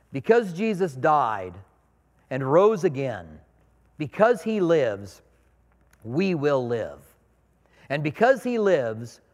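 A middle-aged man preaching a sermon in a conversational, storytelling way, acting out little scenes in his anecdotes. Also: a little high. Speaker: pastor. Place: church sanctuary. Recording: long reverb of a large hall.

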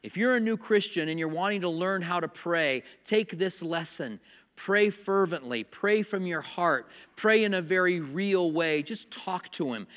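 Animated high-voiced man preaching in a hall. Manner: animated, acts out voices and laughs at his own jokes. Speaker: pastor. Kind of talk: sermon.

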